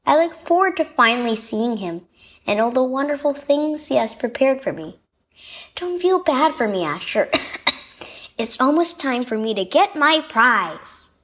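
A woman voicing a gentle, weak old grandfather in a children's story, speaking softly and calmly. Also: high voice, a little slow, exaggerated voice. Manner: soft, gentle, calm.

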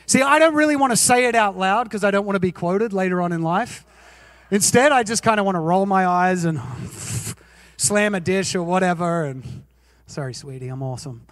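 A man's voice: high voice, normal speed, no echo, long reverb tail. A male pastor preaching a sermon, telling self-mocking personal stories and asking his listeners questions. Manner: animated, self-mocking, asks the audience questions.

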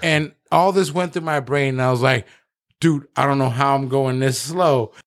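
A man's voice: mid-range voice, normal speed. Guy on a podcast telling a long story, swears a lot, rambles, totally casual. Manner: profane, rambling anecdotes. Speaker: podcast co-host.

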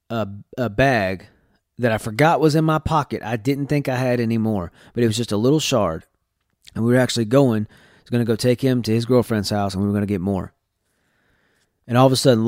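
A man's voice: medium pitch, a little mellow, dry recording, studio quality. A man from Texas candidly telling his personal testimony as a podcast host, earnest and full of restarts.

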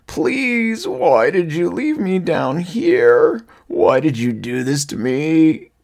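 A man voicing a creature that pretends to be an old, crippled father, begging in a high, raspy, strained whine. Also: wildly swooping pitch, slow pace, darkish tone, exaggerated voice. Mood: pleading. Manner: high, strained, whining pleading. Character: creature mimicking an old bedridden father, pleading.

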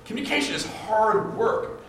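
A man's voice: high voice, animated, normal speed, a bit bright, a little hiss or hum. A man preaching a sermon in a conversational way, acting out short quoted exchanges, heard from a distance in an echoey hall. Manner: conversational, acts out quoted couples. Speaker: pastor.

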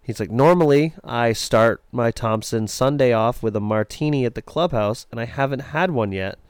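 A man's voice: mid-range voice, moderate pace, clear, resonant tone, dry recording. A young man co-hosting a podcast, telling stories in a laid-back, self-mocking casual chat. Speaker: podcast co-host.

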